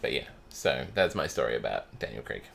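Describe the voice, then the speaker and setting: Here's a very animated bass voice with vocal fry and a fairly bright tone, delivered at a brisk clip. The man is a podcast co-host in casual conversation, telling stories and laughing often.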